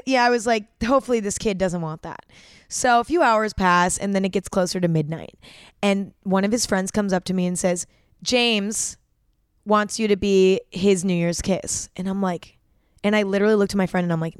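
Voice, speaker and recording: A woman's voice: medium pitch, normal speed, clean tone, dry recording, clean studio sound. A young woman hosting a podcast and telling a personal story in a casual, chatty way, packed with fillers and frequent swearing. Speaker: podcast host.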